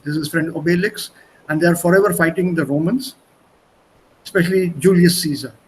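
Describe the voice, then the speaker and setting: A man's voice: a little high, brisk, slight background noise, poor audio. A man teaching an online language class over a video call, chatty, repeating words and switching between languages.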